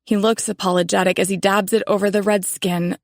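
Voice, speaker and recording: A woman narrating a romance audiobook in the first person, in a calm, measured way. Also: mid-range voice, creaky, dry recording, clean studio sound.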